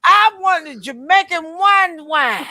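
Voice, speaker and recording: Bright-voiced woman preacher hosting chat. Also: very high-pitched, slow, no room sound. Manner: animated, teasing, addresses viewers as y'all and honey. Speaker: preacher and show host. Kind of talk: casual interview chat.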